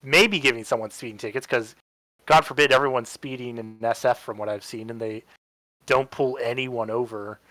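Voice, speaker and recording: A man's voice: mid-range voice, fairly even intonation, moderate pace, sharp tone, no room sound, poor audio. A young man hosting a casual stream chat, ranting bluntly with plenty of swearing. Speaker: stream host.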